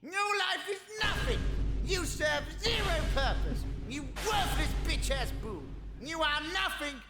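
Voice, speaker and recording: A man voicing a boastful skeletal male villain who shouts insults in a shrill, nasal, sneering voice, played from a gaming clip. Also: sing-song, measured pace, over loud music, heavily acted. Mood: taunting, shouting. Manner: shouted trash talk. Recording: echoey clip with long reverb.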